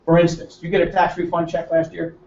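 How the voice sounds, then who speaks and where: A brash American man with a high voice, running a seminar and ribbing the audience with questions. He sounds far from the microphone in a roomy meeting room, and the recording is dull. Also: completely flat delivery, a little fast, vocal fry, a little mellow. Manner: brash, joking, quizzes the room. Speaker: seminar presenter. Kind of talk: teasing seminar talk to a live audience.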